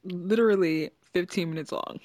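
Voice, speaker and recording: A woman's voice: on the low side, moderate pace, darkish tone, a little hiss or hum. A woman co-hosting a podcast, chatting casually in an exasperated, teasing way and laughing often. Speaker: podcast co-host. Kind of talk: casual chat reviewing a show.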